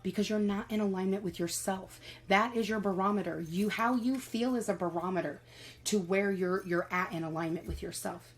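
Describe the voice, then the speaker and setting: Woman, spiritual reading, encouraging, repeats phrases, casual swearing, mid pitch. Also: steady tone, normal speed, rough recording. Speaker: tarot reader.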